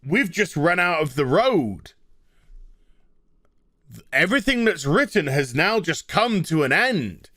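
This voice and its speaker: An English man voicing a calm, scheming male keeper of time, slowly explaining a choice. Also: a little high, exaggerated voice. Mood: persuasive.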